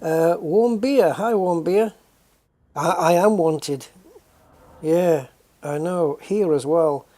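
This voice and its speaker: A British man chats casually on his game livestream with a warm, mellow tone. He rambles and muses, greeting viewers by name and often correcting himself mid-thought. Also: a little high, slow, pauses often. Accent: British English. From United Kingdom.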